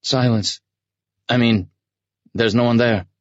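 A man's voice: medium pitch, fairly even intonation, slow, no room sound, lo-fi sound, pitched above the performer's own voice, natural voice. A man voicing a nervous young soldier who answers cautiously and hesitantly. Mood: uneasy. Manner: hesitant, uncertain.

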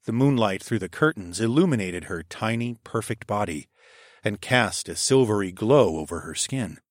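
A man narrating a first-person story in a steady, even reading voice on a close mic. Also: on the low side, dry recording. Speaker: audiobook narrator.

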